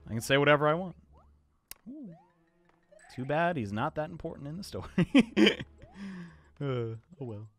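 A young man streaming a platform game live, chatting with viewers and yelling at his mistakes. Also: on the high side, moderate pace, long pauses. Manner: animated, chatty, answers chat, swings to yelling at the game. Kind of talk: live gameplay commentary.

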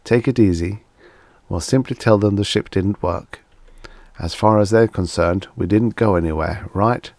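A man voicing an anxious officer who speaks haltingly, repeating words as he questions. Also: on the low side, darkish tone, no room sound. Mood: tense. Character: anxious male officer, urging calm.

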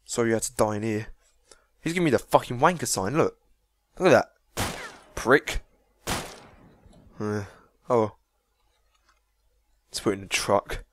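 A man's voice: fairly low pitch, animated, unhurried, pauses often. A young man giving casual, sweary let's-play commentary, chatting and joking as he reacts to the game. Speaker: gaming video host.

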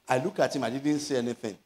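A middle-aged man with a Nigerian Yoruba accent, preaching a sermon as a pastor, stretching out scripture words and building to loud exhortations. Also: medium pitch. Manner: slows to stress scripture phrases.

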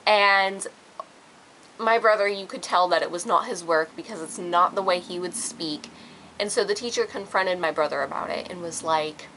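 A woman's voice: lowish voice, moderate pace, sharp tone, a little hiss or hum, poor audio. A young woman casually telling a personal story to the camera with many fillers. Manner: chatty, many fillers, acts out quotes. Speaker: vlogger.

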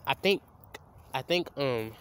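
A man's voice: medium pitch, expressive, takes it slowly, fairly bright tone, a little hiss or hum. A young man, filming a casual outdoor vlog by a creek on a handheld phone, rambling and stammering as he restarts his sentences. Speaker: vlogger. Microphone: handheld phone camera.

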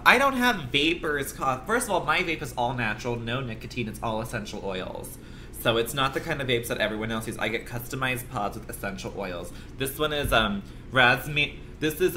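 A man's voice: mid-range voice, bright, forceful tone, slight background noise. A young adult man chatting casually on a livestream, profane and complaining, congested and coughing now and then.

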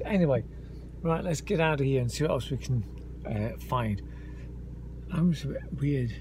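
A man's voice: fairly high pitch, animated, moderate pace, background noise. A man rambling casually to his viewers, calling them folks, while walking outdoors and filming on a handheld phone. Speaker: vlogger. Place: outdoors, walking around town.

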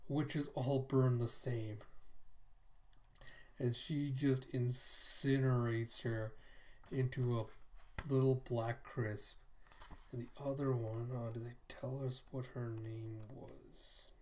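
A man's voice: mid-range voice, level tone, takes it slowly, a little mellow, slight background noise. A man casually reading through a comic book, retelling the scenes in a chatty, conversational way. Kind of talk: casual comic read-aloud narration.

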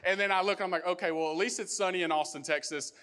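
Young guy pastor preaching, kinda high voice, chatty storytelling, lots of "like"s. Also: quick pace, clean tone. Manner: storytelling, animated, many fillers like "like". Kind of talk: sermon.

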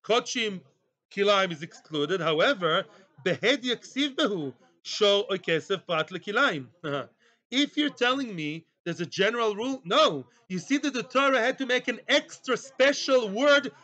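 High, bright-voiced Talmud teacher. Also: male voice, a little slow, lo-fi sound. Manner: lively, mixes Hebrew and Aramaic terms, jokes with students. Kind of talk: daily Talmud class.

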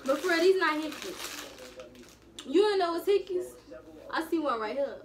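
Brief: young woman of eighteen, high voice, teasing prank-vlog host, faint noise behind. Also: animated, normal speed. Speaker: vlogger pranking her grandmother.

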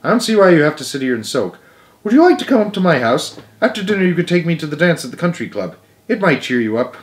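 A man's voice: on the high side, sing-song, quick pace, echoey room, pitched above the performer's own voice. A man voicing a sensible, cheerful young girl who talks in an easygoing, practical way. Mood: coaxing.

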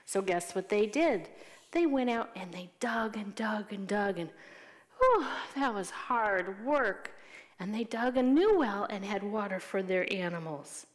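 A woman telling a Bible story to young children as a Sunday school teacher, gently asking them questions. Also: mid-range voice, expressive, normal speed, long reverb tail.

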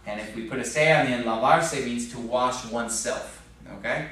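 Here a man with a medium-pitched, somewhat bright voice talks at a moderate pace while teaching a Spanish class in a church classroom, patiently explaining, asking questions, and repeating "okay?". The classroom is very echoey and the mic is far away.

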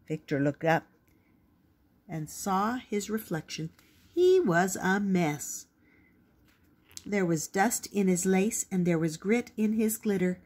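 An older woman reading a children's picture book aloud in a gentle, expressive way. Her voice sits low, with a husky, breathy grain. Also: a little slow. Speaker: storyteller.

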